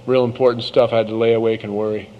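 A man's voice: medium pitch, level tone, fast talker, dull audio, a little hiss or hum, lightly acted. A man playing a fretful wife who can't sleep. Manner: fretful, mock-complaining. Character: worried wife lying awake at night.

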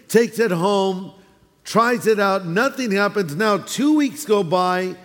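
A man with a high voice delivers a folksy sermon, full of restarts and little asides to the congregation. The sound rings with the long reverb of a large church sanctuary. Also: slow, a bit bright. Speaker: pastor. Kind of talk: sermon with humorous storytelling.

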